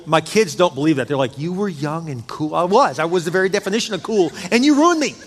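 A middle-aged male pastor preaching in a slightly high voice, emphatic and chatty, slipping jokes in between his points. His voice rings through a large church hall with a long, trailing reverb. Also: fairly bright tone, slight background noise. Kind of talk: sermon. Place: church sanctuary.

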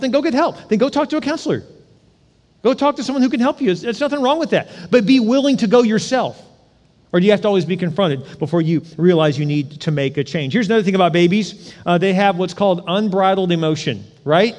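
A man preaching a conversational sermon, asking the congregation one rhetorical question after another and acting out little scenes with sudden loud cries. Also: sits high, fast talker, in a large hall. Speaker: pastor.

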